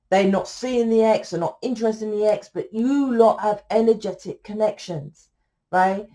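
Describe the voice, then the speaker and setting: A woman's voice: mid-range voice, warm tone. Blunt, tired woman reading tarot. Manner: blunt, swears freely, acts out quotes. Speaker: tarot reader. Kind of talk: casual tarot reading to camera.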